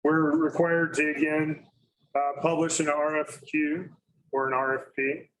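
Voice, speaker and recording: A man presenting to a school district meeting, halting with many fillers and self-corrections. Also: fairly high pitch, level tone, fairly bright tone, soft background music, low-quality recording.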